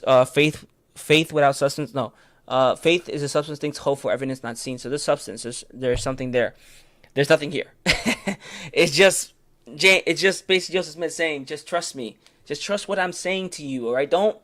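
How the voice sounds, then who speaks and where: A man with a higher-pitched voice leads a casual Bible study stream late at night, recorded without echo. He sounds unsure, leaning on fillers, mangling terms and correcting them, while briefly answering comments from viewers.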